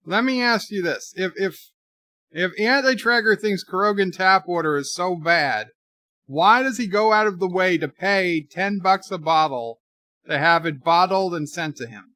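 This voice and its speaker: A man's voice: high-pitched, moderate pace, pushed and bright, no echo. A man hosting a live movie rewatch, chatting and reading viewer comments aloud as he reacts.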